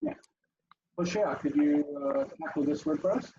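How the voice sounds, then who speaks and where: A man teaching a class over a video call, lively and explaining step by step with many fillers, heard through dull, lo-fi call audio. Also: on the high side, moderate pace, noisy background.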